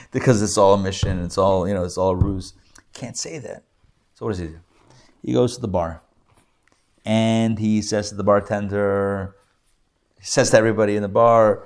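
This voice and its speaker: A man's voice: fairly low pitch, a little fast. A rabbi, a man, teaching a live class to a group and telling a story with playful asides and jokes. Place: classroom with audience.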